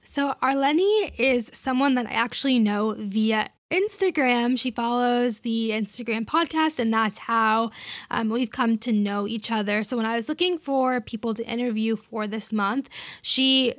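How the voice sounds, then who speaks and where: A woman's voice: a little high, measured pace, no room sound, studio quality. Upbeat, chatty woman podcast host. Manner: upbeat and chatty, playful emphasis. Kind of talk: casual podcast chat.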